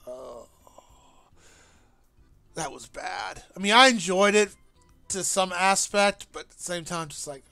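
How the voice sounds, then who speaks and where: Rambly guy streaming a game, kinda high voice, jokey, faint game music behind. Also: a bit bright, no echo. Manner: rambling, jokey, halting restarts. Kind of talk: casual gameplay commentary.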